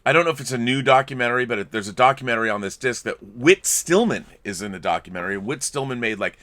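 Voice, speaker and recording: A jokey man hosts a casual movie chat over wine, his voice swinging lively up and down with a bright edge. He restarts his sentences in quick stammers, and the recording is dry and close. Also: mid-range voice, no echo. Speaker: movie podcast host.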